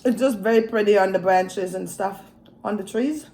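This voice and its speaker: A woman's voice: medium pitch, normal speed, mellow. A young adult woman, a mukbang vlogger, chatting casually while eating, with many savoring hums between her words. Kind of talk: casual eating vlog chat.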